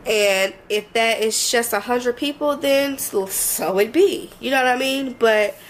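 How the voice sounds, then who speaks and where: A woman's voice: fairly high pitch, a little slow, rough recording. A young woman vlogger, talking casually and heartfelt to her viewers, a bit congested and emotional, rambling and often asking if she makes sense. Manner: rambling, heartfelt, frequent "you know what I mean". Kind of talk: casual talk to camera.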